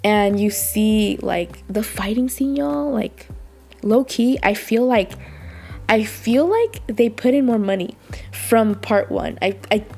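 A woman, a little under the weather, talks through a drama in a loose, rambling vlog recap, often stopping to laugh at herself. Her voice sits at a middling pitch, with faint music playing quietly underneath. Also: slow pace, creaky. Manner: rambling, chatty, self-deprecating with laughs. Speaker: drama reviewer.

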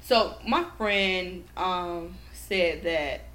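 Speaking very slowly in a lowish, fairly bright voice, this woman co-hosts a podcast in a relaxed, chatty style. Her storytelling is profane and punctuated by frequent laughter. The room echoes and there's faint noise in the background.

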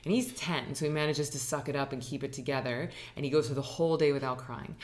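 A woman with a low voice speaks as a guest on an interview podcast, explaining meditation. She tells stories with animated quoted voices, in a relaxed, chatty way. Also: quick pace. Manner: animated storyteller who acts out quotes. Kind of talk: casual interview chat. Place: dining room.

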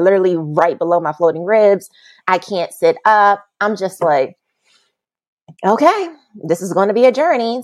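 Casual, animated woman storyteller who plays out the quoted voices, podcast guest. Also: no echo. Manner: animated, acts out quotes with big pitch jumps and laughs. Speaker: podcast guest, massage therapist.

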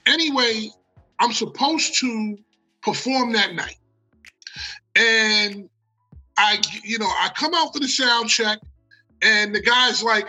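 An American man spinning a story in a bright, forceful voice with a husky edge. He talks with animation and plenty of swearing, and he acts out every quote. Faint music sits underneath. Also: high voice, slow pace, long pauses, poor audio. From United States. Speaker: guest storyteller. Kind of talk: casual storytelling.

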